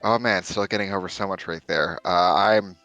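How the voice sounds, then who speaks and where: A man as a first-time podcast guest in casual chat, nervous and quick, joking and laughing. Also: deep voice, fairly even intonation, pushed and bright, no echo, faint music behind, low-quality recording. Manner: nervous, talks fast, jokey and laughing.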